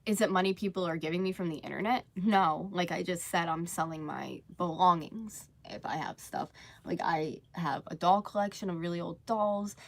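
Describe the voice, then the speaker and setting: A woman's voice: lowish voice, normal speed, gravelly. A young woman talking candidly to viewers on a live stream, rambling with many fillers and restarts.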